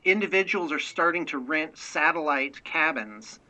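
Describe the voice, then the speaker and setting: Bright, fast-rambling American man. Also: fairly high pitch, poor audio. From United States. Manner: rambling, with frequent restarts. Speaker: guest, miniature painting business owner. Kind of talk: casual interview chat.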